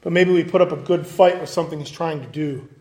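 A man's voice: on the high side, steady tone, quick pace, darkish tone. A man preaching a conversational evening sermon, acting out the voices of the people he quotes. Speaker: pastor.

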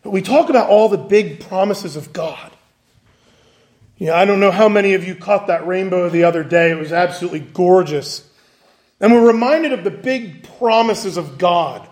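A man's voice: sits high, normal speed, a little mellow. A man preaching a conversational evening sermon, acting out the voices of the people he quotes. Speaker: pastor.

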